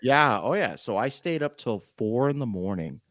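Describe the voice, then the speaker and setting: A man, a podcast host and film historian, telling an animated story in a casual interview and acting out the voices he quotes. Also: mid-range voice, moderate pace, dry recording, clean studio sound.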